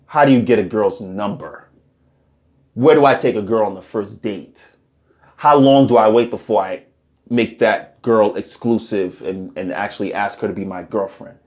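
A curious alien in a young man's form asks question after question, as a man puts him on. He sounds low and earnest. The recording is muffled and lo-fi. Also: moderate pace, natural voice.

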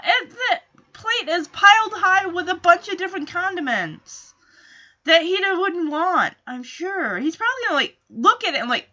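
Woman, casual chat, excitable, animated swoops in pitch, bright tone. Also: highs cut off. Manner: excitable, quick to laugh, acts out lines from the episode. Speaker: host recapping a TV episode.

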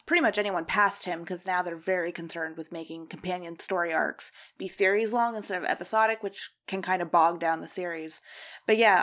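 A woman's voice: lowish voice, fairly bright tone. An enthusiastic young woman talks casually about movies as a podcast co-host. Her delivery is chatty and eager. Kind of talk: casual film discussion.

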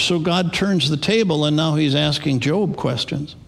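A man's voice: fairly high pitch, normal speed, vocal fry, few pauses. A man preaching a sermon as pastor, telling stories in a conversational way with small restarts. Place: church sanctuary. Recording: long reverb of a large hall.

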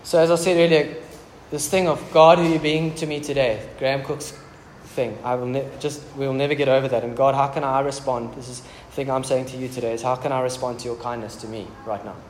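A man's voice: mid-range voice, fairly even intonation, fairly quick, hardly any pauses, a little mellow. A man preaching a casual, joking sermon in a church hall. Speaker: pastor. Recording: echoey church hall with background noise.

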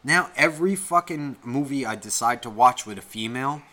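A man's voice: medium pitch, lively intonation, a little fast, bright, forceful tone. A young man co-hosting a podcast, ranting in a heated, rambling way and swearing constantly. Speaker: podcast co-host. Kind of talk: casual podcast rant.

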